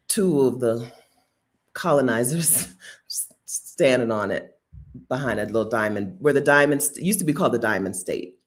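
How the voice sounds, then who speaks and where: A woman hosting a casual livestream, chatty and playful, laughing often and answering viewer comments. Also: extremely low pitch. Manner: chatty with many asides and restarts. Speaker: livestream host.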